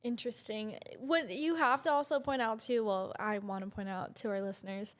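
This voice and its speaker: A woman co-hosting a podcast in casual chat, slangy and teasing with quick interjections. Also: a little high, steady tone. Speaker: podcast co-host.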